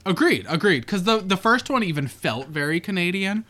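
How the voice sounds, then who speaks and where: Animated, bright-voiced podcast co-host. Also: medium pitch, moderate pace. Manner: rambling, filler-heavy, swears freely. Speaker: podcast co-host reviewing a movie. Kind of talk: casual chat.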